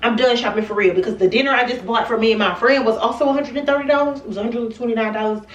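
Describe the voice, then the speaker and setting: A woman's voice: on the high side, very fast, dull audio. A woman vlogging casually at home, chatting straight to her viewers as she shows what she has bought. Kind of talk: casual vlog chat. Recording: echoey room, camera at a distance.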